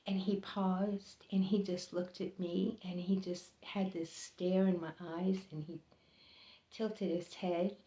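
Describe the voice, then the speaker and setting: A woman telling a personal story in an earnest, halting way, often pausing and repeating herself as the feeling builds. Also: dark tone. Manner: earnest, halting, emotional, voices others' lines higher. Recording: roomy, slightly dull recording.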